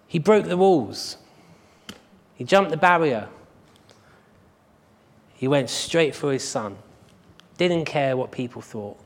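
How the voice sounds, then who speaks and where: A male pastor delivering a sermon in a church service, speaking with a somewhat high voice. He takes his time, letting each phrase land slowly and earnestly, and leans on repetition to drive his points home. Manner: earnest, emphatic preaching with repeated phrases.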